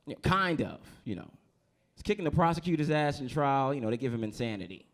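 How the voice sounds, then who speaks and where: Stand-up comic teasing the crowd. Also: male voice, medium pitch, expressive, fast. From New Jersey. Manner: loose, conversational, teases the crowd. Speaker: stand-up comedian. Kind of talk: stand-up comedy set. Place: comedy club stage.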